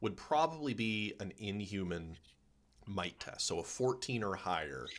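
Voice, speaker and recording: A man narrating as game master of a tabletop role-playing game, in a relaxed way, laughing often. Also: fairly low pitch, unhurried, a little hiss or hum.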